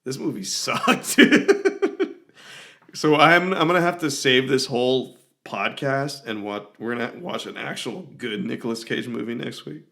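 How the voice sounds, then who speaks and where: A man with a hoarse, gravelly voice co-hosts a casual podcast. He talks bluntly and swears freely, his rasp worn down from yelling. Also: mid-range voice, moderate pace, hardly any pauses. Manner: blunt, profane ranting. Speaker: podcast co-host. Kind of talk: casual chat.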